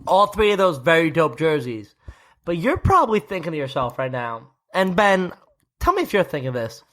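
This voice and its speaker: High, bright-voiced young male podcaster. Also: big pitch swings, moderate pace. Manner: playful, jokey, puts on hype voices. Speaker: podcast co-host. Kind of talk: casual chat.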